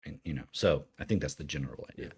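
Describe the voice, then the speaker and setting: Very low male co-host, loose rambling explainer, lots of "like". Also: fast talker, darkish tone, slightly rough. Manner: rambling, filler-heavy explaining. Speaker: podcast co-host. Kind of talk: casual chat.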